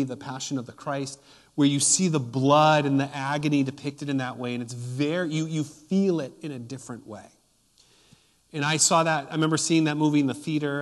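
A man giving a sermon as pastor, earnest and measured, pausing with fillers. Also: mid-range voice. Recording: long hall reverb.

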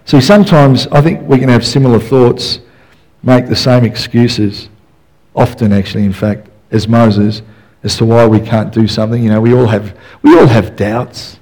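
A man in a middle register delivers a relaxed, conversational sermon. He tells the story with easy humour and many "you know" fillers. It sounds like a friend chatting rather than a formal preacher. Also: mid-range voice, moderate pace, rough recording.

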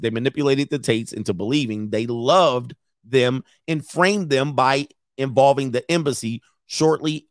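A man giving casual, blunt reaction commentary, reading online messages aloud slowly and then weighing in on them. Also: medium pitch, a bit bright, no room sound, studio quality.

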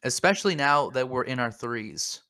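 A man's voice: mid-range voice, lively intonation, moderate pace, pushed and bright, no echo, studio quality. A man co-hosting a comedic podcast, rambling in a mock-earnest way and repeating his words. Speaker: podcast co-host.

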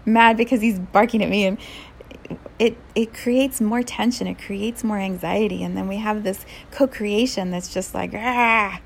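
A woman giving a spiritual talk to listeners, speaking softly and unhurriedly, often laughing and sometimes dropping to a whisper. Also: medium pitch, steady tone, moderate pace, gravelly, a little hiss or hum. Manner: drops to a whisper at times. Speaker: spiritual teacher.

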